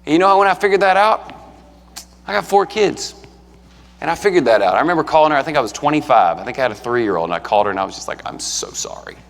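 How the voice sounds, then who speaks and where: Man, thirties, preacher, sermon, conversational and earnest, emphatic peaks, fairly high voice, reverberant church hall. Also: lively intonation, quick pace. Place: church sanctuary.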